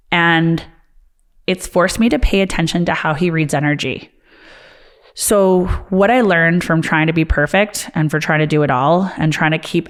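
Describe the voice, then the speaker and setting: A woman with a notably low, deep-set voice talks openly to the camera. She is earnest and reflective, speaking like a working mom and athlete sharing what she has learned. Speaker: martial arts studio owner and athlete. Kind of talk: personal talk to camera.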